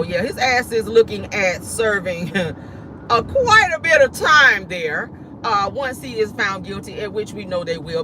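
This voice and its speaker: A man's voice: sits high, background noise. A man hosting a casual celebrity gossip show, sassy and profane, laughing often and calling his viewers "y'all" and "honey".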